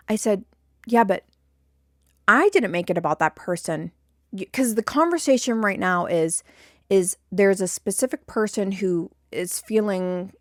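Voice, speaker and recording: A woman's voice: mid-range voice, no room sound, clean studio sound. A young woman hosting a podcast, venting a long story to her listeners, indignant and repeating herself, rising to exasperated peaks. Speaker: podcast host.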